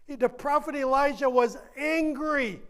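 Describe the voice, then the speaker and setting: A man preaching a sermon as pastor, earnest and driving, with repeated questions and drawn-out lines. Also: very high-pitched, fairly bright tone.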